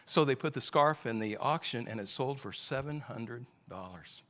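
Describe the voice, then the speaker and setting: A man preaching a sermon as a pastor. He asks many rhetorical questions and swings between loud, emphatic passages and quiet, hushed ones. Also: mid-range voice, expressive, moderate pace.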